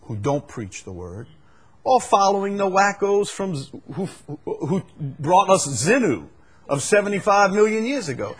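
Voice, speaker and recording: A man preaching a sermon to a congregation in a church. He moves between loud, emphatic peaks and low, quiet passages, and puts rhetorical questions to his listeners. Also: sing-song, a little slow, husky. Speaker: pastor.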